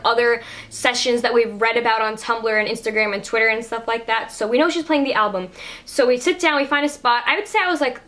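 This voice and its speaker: Gushing young woman with a high voice. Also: fairly bright tone. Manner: gushing, says "like" constantly. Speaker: vlogger. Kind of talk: excited storytelling.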